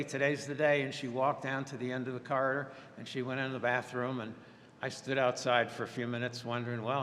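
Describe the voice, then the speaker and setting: A man, a therapist, presenting a professional webinar in a halting way, with many fillers and restarts and a dry sense of humor. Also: medium pitch, fairly bright tone, big-room sound, slight background noise.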